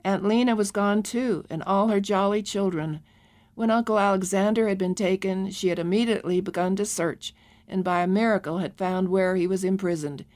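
A woman narrating a memoir audiobook in a measured, calm reading. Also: medium pitch.

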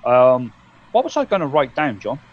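A man's voice: medium pitch, sing-song, normal speed, lo-fi sound. An English man co-hosting a casual live-stream chat, rambling and swearing freely as he acts out his own thoughts. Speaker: co-host.

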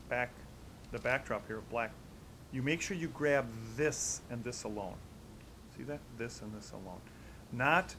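A man's voice: mid-range voice, a bit bright, slight background noise. A man teaching as a doctor, demonstrating a hands-on technique and repeating the key steps with emphasis. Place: studio against a black backdrop.

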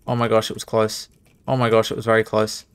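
Fairly low-pitched and resonant, this young man's voice comes through clearly at a brisk pace, with a completely flat delivery. He's streaming a speedrun, muttering to himself and exclaiming at the game.

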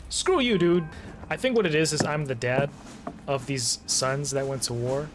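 Excitable guy doing lets play commentary, high pitched, yells at the game, loud game noise behind. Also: normal speed. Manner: excitable, talks to himself and viewers, shouts at the game. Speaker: gaming video host.

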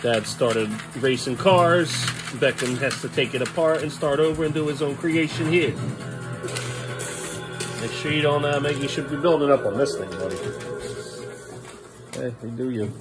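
This man's voice sits fairly high, and he speaks at a moderate pace with frequent pauses, music playing underneath. Indoors at home, he films a relaxed family vlog, gently and playfully encouraging his little boys. The home recording carries clear background noise.

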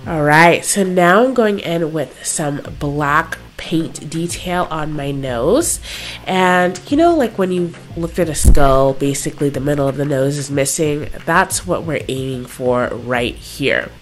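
A woman's voice: deep voice, lively intonation, measured pace, faint music behind. A young woman with a stuffy, nasal voice from being sick, chatting casually through a makeup tutorial with lots of fillers. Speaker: makeup vlogger.

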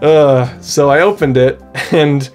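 A man's voice: a little high, slow pace, darkish tone, soft background music. A young man, a college student, chatting casually to camera in a rambling, self-mocking way that is full of restarts. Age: young adult. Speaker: vlogger.

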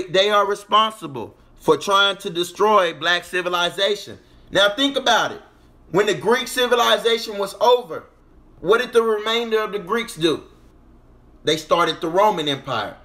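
A man's voice: high voice, bright, forceful tone. A man hosting a casual livestream, rambling through a monologue and talking to his chat, with a filler phrase he keeps repeating. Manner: rambling, repeats "you get what I'm saying", talks to chat. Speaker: livestream host.

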